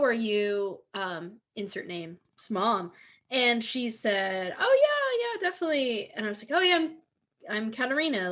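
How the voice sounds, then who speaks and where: A woman's voice: medium pitch, a bit bright. A woman in her twenties from the Philadelphia area, co-hosting a podcast and telling rambling anecdotes full of quoted dialogue. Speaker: podcast co-host. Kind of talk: casual chat.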